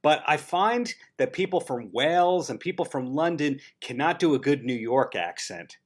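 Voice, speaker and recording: A man's voice: on the high side, sing-song, moderate pace. A man hosting a podcast, asking questions in an eager, fan-like way over a video call. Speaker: podcast host. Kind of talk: casual interview chat.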